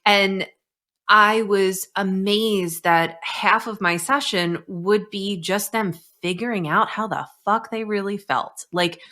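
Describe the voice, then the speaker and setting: A woman's voice: medium pitch, takes it slowly, bright, forceful tone. A woman hosting a podcast conversation, a former therapist talking candidly and animatedly, swearing casually. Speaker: podcast host.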